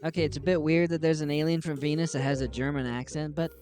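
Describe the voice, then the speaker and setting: A man's voice: a little high, steady tone, fast, a little mellow, faint music behind, close to an everyday voice. A man voicing a doubting sidekick who pushes back against the host's claims. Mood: skeptical. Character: skeptical male sidekick who questions the host.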